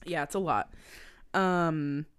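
This is a young woman recapping a film on a podcast in casual chat. Her voice sits on the low side and sounds dry and close. She swears constantly and jumps into the characters' voices. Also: takes it slowly, clear, resonant tone, no echo. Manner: profane, animated, acts out quoted lines. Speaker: podcast co-host.

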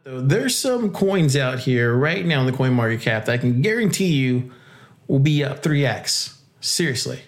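A man hosting a casual crypto podcast, hyped and joking, laughing often and jumping into high exclamations. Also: sing-song, moderate pace. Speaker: podcast host.

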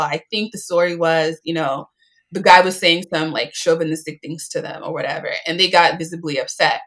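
A woman's voice: lowish voice, brisk, bright, forceful tone. Woman in her twenties, chatty storyteller who voices the people she quotes. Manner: chatty, lots of "like", acts out quotes. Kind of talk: casual storytelling.

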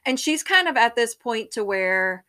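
Woman co-host, bright and a bit high, chatty plot recap with profanity, casual book talk. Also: lively intonation, a little slow. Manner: recaps the plot, acting out lines with casual swearing.

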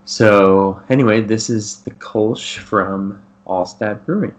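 A man's voice: fairly low pitch, slow. A man from Texas co-hosting a casual beer podcast, chatty and self-deprecating, with lots of ums. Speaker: podcast co-host. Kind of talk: casual chat.

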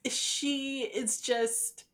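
Woman, podcast co-host, slow, bright, lively pitch, laughs often. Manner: gushing, laughs often, drawn-out phrasing. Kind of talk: casual chat.

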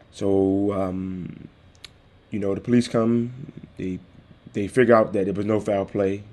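A man hosts a podcast in a personal tribute monologue. His voice is low and mellow, and he speaks with a heartfelt, repetitive, preacher-like cadence. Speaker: podcast host.

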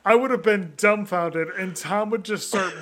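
A man's voice: sits high, moderate pace, over a noisy crowd. A man co-hosting a podcast in casual chat, laughing often, swearing and saying "like" a lot. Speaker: podcast co-host.

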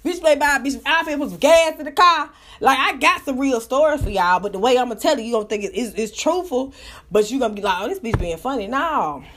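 A woman hosting a casual live talk room, telling stories and ranting bluntly with profanity and sudden loud outbursts. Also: high voice, expressive, quick pace. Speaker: live audio room host. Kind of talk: casual storytelling rant.

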